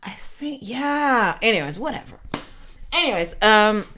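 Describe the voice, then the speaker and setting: A woman's voice: fairly high pitch, measured pace, a little hiss or hum. A woman, telling a rambling personal story in a casual vlog. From Quebec. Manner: animated, rambling, self-interrupting. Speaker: storyteller vlogger.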